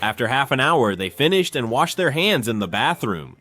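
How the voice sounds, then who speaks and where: A man narrating comic school stories in a lively, slangy storytelling manner. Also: medium pitch, moderate pace, few pauses, no room sound, faint music behind.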